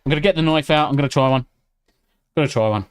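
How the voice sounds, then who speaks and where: A British man chatting casually on a live stream. He reacts excitably to chat and swears freely. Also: on the high side, fast talker, smooth. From United Kingdom. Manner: excitable, swears freely, talks while eating.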